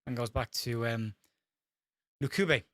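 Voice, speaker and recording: An Irish man hosting a live watch-along, calling the match fast and tripping over players' names while reading out viewer comments. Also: a little high, fairly bright tone, dry recording, clean studio sound. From Ireland. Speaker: host.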